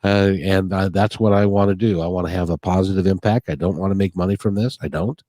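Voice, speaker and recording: Earnest low-voiced male podcast host. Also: fairly even intonation, fast talker, warm tone, no room sound, studio quality. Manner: earnest, rambling with restarts. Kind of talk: casual interview talk. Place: near Puget Sound.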